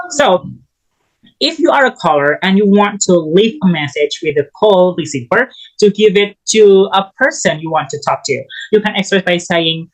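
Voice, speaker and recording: A man giving a recorded English lesson as a student teacher, halting and often restarting his phrases. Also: sits high, lively intonation, low-quality recording.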